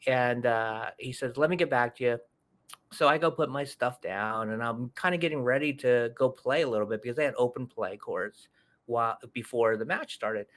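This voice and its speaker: Animated storytelling man on a podcast. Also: mid-range voice, normal speed. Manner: animated, acts out quoted voices. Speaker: podcast host. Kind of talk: casual storytelling chat.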